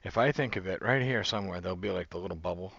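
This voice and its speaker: Man, deep voice, animated, rambling, reaction host, dry close mic, slightly muffled. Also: very fast, gravelly, no room sound. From United States. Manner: rambling, jokey asides. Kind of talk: casual reaction commentary.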